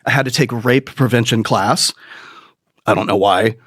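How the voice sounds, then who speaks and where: A middle-aged man telling a rambling, profane comic story with quick asides and put-on voices. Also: medium pitch, a bit bright, dry recording, clean studio sound. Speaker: comedian. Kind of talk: stand-up storytelling.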